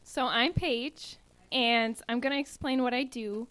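A woman's voice: on the high side, fairly even intonation, measured pace, a bit bright, smooth. A young woman, an actress in a touring ministry show, vividly and earnestly describing the show to an audience.

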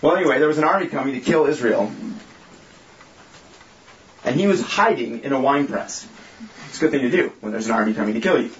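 A man's voice: medium pitch, lively intonation, a little fast, long pauses, slight background noise. A man leading a small group with an informal, joking yet earnest sermon and prayer. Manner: casual, joking, earnest preaching. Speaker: group leader and preacher. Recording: echoey room, slightly dull sound.

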